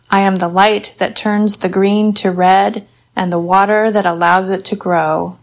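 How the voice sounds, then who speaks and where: A woman giving a slow, measured and contemplative poetry reading. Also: medium pitch. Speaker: poetry reader.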